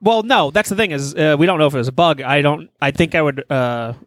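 A man's voice: on the high side, fairly quick, no room sound. A man co-hosting a podcast, telling a story in casual chat with profanity and comic exaggeration. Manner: animated, profane, exaggerating for laughs. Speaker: podcast co-host.

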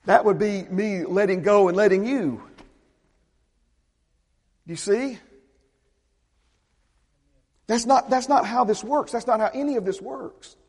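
High-voiced preacher in a ringing hall. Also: male voice, slow, long pauses. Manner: emphatic preaching, repeats phrases, drops to a hush. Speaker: pastor. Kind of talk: sermon.

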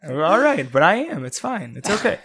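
A man co-hosting a casual comedy podcast, playful and quick with jokes and asides. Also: high voice, big pitch swings, fairly bright tone, husky. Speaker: podcast co-host.

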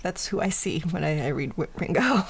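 Gravelly-voiced woman player in a tabletop game. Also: on the low side, big pitch swings, a little fast, a little hiss or hum. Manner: hesitant, trailing off. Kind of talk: casual chat at a tabletop game.

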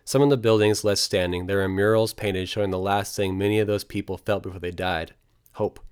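A man reading his travel memoir aloud as scripted narration, in a quiet, somber storytelling manner. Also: on the low side, steady tone, brisk, clean tone, dry recording, studio quality.

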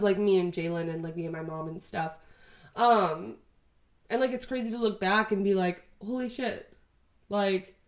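A woman in her twenties from Texas, chatting casually to her camera in a rambling, sweary way, full of "like". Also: medium pitch. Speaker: vlogger.

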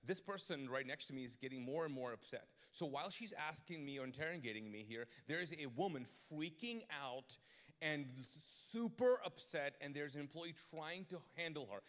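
A man, a pastor, telling a funny story during a live sermon in a big church, talking in a casual, animated way and often correcting himself mid-sentence. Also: fairly high pitch. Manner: animated, conversational, humorous, with quick self-corrections. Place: large church auditorium. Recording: live church recording with long reverb.

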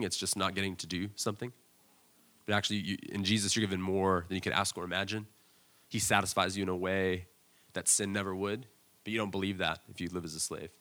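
A man preaching a sermon as pastor, telling stories in an animated way with loud, excited bursts when he acts out scenes. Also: deep voice.

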